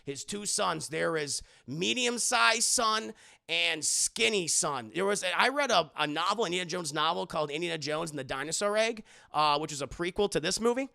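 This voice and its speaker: Man streamer, rambling and profane movie recap to chat, fairly high, very gravelly. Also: expressive, normal speed, sharp tone. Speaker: movie reviewer and livestreamer. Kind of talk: casual livestream movie review.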